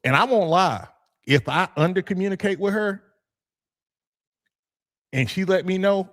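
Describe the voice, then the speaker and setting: An animated man in casual podcast talk, joking and laughing often as he makes his points. His delivery is loose and conversational, with plenty of casual swearing. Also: sits high, a little slow, pauses often. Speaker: youth football coach and podcast host. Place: room with his degree on the wall.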